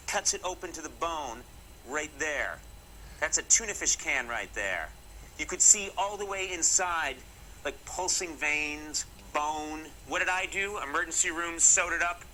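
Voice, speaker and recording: Bright-voiced wisecracking man host. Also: on the high side, slight background noise, low-quality recording. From Massachusetts, USA. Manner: jokey, mock-serious storytelling with wry asides. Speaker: comedy show host. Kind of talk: comic talk to camera.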